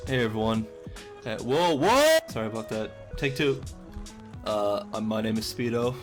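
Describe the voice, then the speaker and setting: A man's voice: on the low side, fairly even intonation, normal speed, soft background music. A young man, an animator, talking casually in an interview, rambling and self-deprecating, with casual swearing.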